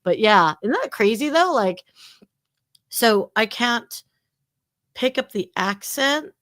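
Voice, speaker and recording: A woman co-hosting a casual podcast, talking in a chatty, animated way with lots of fillers. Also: on the high side, slow, no room sound, clean studio sound. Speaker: podcast co-host. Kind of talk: casual chat.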